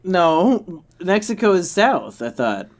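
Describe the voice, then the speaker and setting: A man hosting a comedy podcast and playing voicemails, wry and quick to curse. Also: high voice, big pitch swings. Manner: wry, dry, with curses and laughs. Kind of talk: casual podcast banter.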